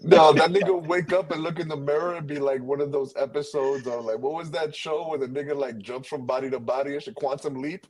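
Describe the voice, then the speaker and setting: A man's voice: fairly high pitch, steady tone, a little fast, few pauses, crowd noise. A man co-hosting a casual podcast over drinks, joking profanely, laughing and imitating lines. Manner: laughing, profane, mimics quotes. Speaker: podcast co-host.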